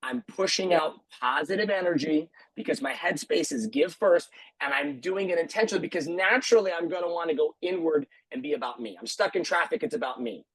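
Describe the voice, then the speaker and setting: A man talks earnestly about running his martial arts school, repeating key phrases for emphasis. His voice sits a little high and has a husky edge. The sound is dry and close, as on a video call. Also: a little fast, no echo, rough recording. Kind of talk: video call panel talk.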